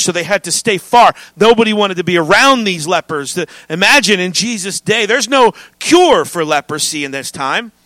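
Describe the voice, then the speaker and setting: A man preaching a sermon as pastor, reading scripture and joking with his congregation in an animated way. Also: sits high, dry recording.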